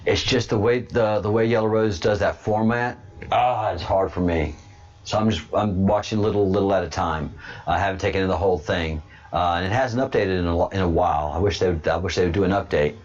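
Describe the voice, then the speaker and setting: A man hosting a casual livestream, rambling and halting with many fillers and restarts as he answers chat comments. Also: low-pitched, steady tone. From born in Texas, raised abroad and in Louisiana. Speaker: livestream host. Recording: dull lo-fi stream audio.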